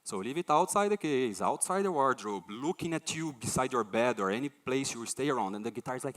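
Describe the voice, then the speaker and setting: Speaking at a medium pitch, a man gives a brisk conference talk with hardly a pause. His storytelling is animated, and he acts out the voices of the people and things in his quotes.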